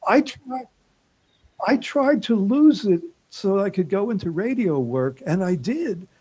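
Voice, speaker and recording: A man's voice: high voice, animated, a little slow, darkish tone, breathy edge, rough recording. A man from New York with a New York accent, a guest talking in a chatty, reflective, self-deprecating way. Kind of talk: casual chat on a call-in show.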